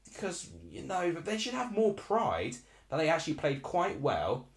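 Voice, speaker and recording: Lively young streamer from Essex. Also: male voice, a little high, a little slow, echoey room. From Essex, England. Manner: chatty, rambling, reacts aloud to the match. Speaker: live stream host. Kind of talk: live football watchalong commentary.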